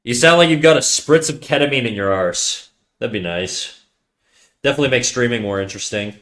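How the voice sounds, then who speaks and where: Fast-rambling man with a bassy, nasal voice. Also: expressive, a bit bright. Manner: fast rambling talk with frequent stutters and restarts; swearing, slangy, calls listeners dude. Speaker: live streamer. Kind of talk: casual chat reading viewer comments.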